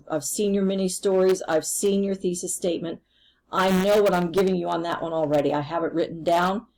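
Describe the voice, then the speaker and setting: A woman's voice: lowish voice, darkish tone, rough recording. A woman teacher recording a remote lesson, explaining patiently and step by step.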